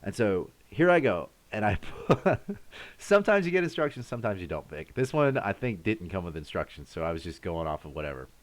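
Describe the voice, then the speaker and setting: Animated man telling a war story. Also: fairly low pitch, brisk. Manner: animated, acts out sounds and his own shouts. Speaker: live stream host. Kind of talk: casual storytelling to a live chat.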